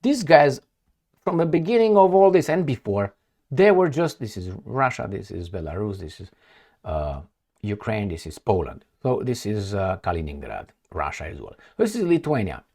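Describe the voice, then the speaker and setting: A Romanian-native man from Eastern Europe, working as a political commentator, points at a map and delivers a heated, sarcastic monologue in non-native English. His fairly low, darkish voice has a sing-song lilt and a moderate pace.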